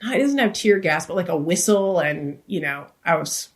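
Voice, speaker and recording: Lowish voiced woman on a podcast, rambly stories, starts over a lot, swears casually. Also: expressive, moderate pace. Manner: rambling storytelling with many restarts and swearing. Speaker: guest, actor and comedian.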